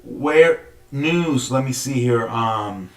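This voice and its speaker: A man's voice: medium pitch, takes it slowly. Cursing, rambling man in an echoey room. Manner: swearing, frustrated, rambling with restarts. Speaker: podcast host. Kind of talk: casual solo sports talk. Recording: echoey room, distant from the mic.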